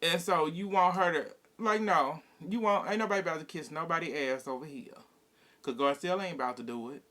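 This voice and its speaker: Guy ranting thru a reality tv recap, bright slightly high voice, blunt n messy. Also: a little fast. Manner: blunt, profane, gossipy retelling with quoted dialogue. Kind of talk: casual episode recap and opinion.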